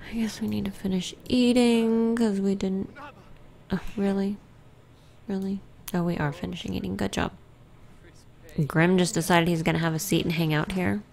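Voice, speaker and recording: A woman casually commenting on her own gameplay, often dropping to a soft whisper. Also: mid-range voice, gravelly. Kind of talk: casual let's-play commentary.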